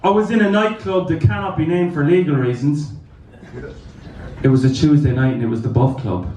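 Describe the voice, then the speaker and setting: A man's voice: high-pitched, darkish tone, echoey room, recorded from a distance, poor audio. A man doing a stand-up comedy set in a club, telling crude, rambling stories. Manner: crude, rambling anecdotal delivery.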